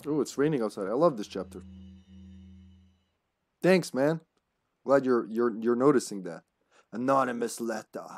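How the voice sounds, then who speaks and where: A man commentates a live retro game stream. He rambles casually and jokes with his viewers, with a medium-pitched voice. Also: animated, moderate pace, pauses often, a little mellow. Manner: chatty and jokey, often laughing, greeting chat.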